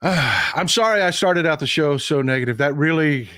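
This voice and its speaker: A man's voice: on the high side, expressive, moderate pace, few pauses, bright, forceful tone, no room sound, clean studio sound. A man hosting a casual political commentary livestream, folksy and repetitive, talking straight to his chat.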